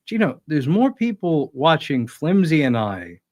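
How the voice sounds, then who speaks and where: A man's voice: a little high, big pitch swings, a little slow, darkish tone, no room sound, studio quality. A man in his twenties, a podcast guest in casual banter, with wordy, mock-formal literary asides. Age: 20s.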